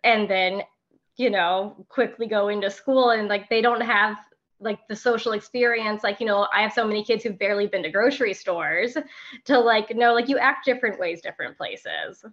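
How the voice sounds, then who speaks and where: A woman's voice: mid-range voice, moderate pace, fairly bright tone, highs cut off. A woman working as a preschool teacher, chatting casually and animatedly, with "like" filling much of her speech. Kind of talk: casual storytelling chat.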